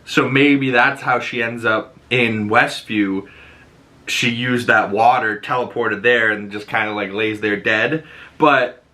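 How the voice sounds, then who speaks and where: Bright-voiced man chatting casually as host. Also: medium pitch, fairly even intonation, takes it slowly. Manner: chatty, rambling, frequent "you know what I mean". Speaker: show host reviewing a TV episode. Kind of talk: casual recap and reaction.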